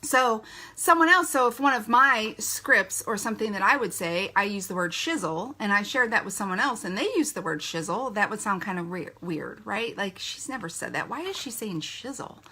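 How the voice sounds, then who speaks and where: A woman's voice: mid-range voice, expressive, moderate pace, pushed and bright. A woman giving a live training talk to a sales team, chatty and playful, laughing often and acting out little quotes.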